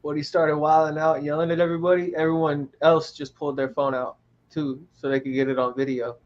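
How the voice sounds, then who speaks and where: A man co-hosting a podcast who reasons aloud in an animated, casual way. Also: fairly high pitch, fairly quick. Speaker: podcast co-host. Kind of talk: casual chat. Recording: dull lo-fi sound.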